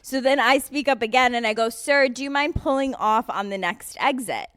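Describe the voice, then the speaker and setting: A woman, co-hosting a podcast and retelling a story in an emphatic, deadpan way. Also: on the high side, normal speed, clear, resonant tone, dry recording. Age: 30s. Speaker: podcast co-host. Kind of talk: casual chat.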